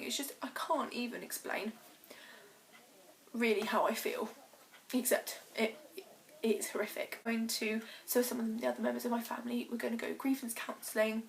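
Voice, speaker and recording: A teenage girl, talking emotionally in a personal vlog, halting and earnest, choked up and close to tears. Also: on the high side, a little hiss or hum. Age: teens. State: choked up, tearful. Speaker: vlogger.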